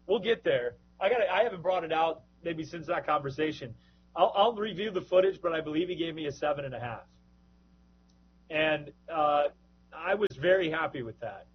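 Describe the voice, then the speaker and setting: Guy casually chatting on a podcast, jokey, slightly high, dull lo-fi sound. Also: normal speed, a little hiss or hum. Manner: chatty, joking, lively. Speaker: minor league baseball broadcaster, podcast host.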